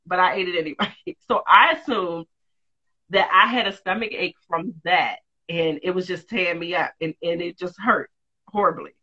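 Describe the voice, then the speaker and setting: A woman, a mother of two, telling a personal story in a candid, lively, casual way with quick asides. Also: on the low side, husky, dull audio. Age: adult, mother of two.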